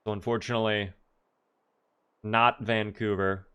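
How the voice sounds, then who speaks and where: A man's voice: lowish voice, level tone, a little slow, pushed and bright, clean tone, lo-fi sound. A man from the US East Coast streaming a game live, casually chatting and answering viewers' questions. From Maryland, US East Coast. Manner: chatty, answers chat questions while playing.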